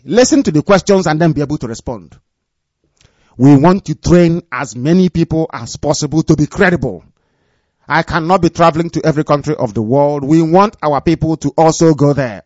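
A man giving a live radio address to his followers as their movement leader. He speaks in a commanding, repetitive way and drops low and quiet when he gives warnings. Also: dry recording, lo-fi sound.

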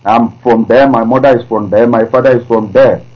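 A man's voice: medium pitch, fairly even intonation, brisk. A man from Nigeria calling in to a radio show, speaking earnestly with frequent hesitations. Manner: earnest, hesitant with many uh fillers. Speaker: caller. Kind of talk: call-in radio talk. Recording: dull lo-fi internet call line.

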